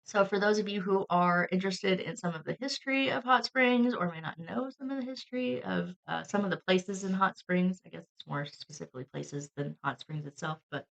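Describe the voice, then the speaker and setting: A woman co-hosting a podcast in a relaxed, chatty way, with frequent fillers. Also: mid-range voice, fairly quick, creaky, hardly any pauses. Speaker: podcast co-host. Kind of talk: casual podcast chat.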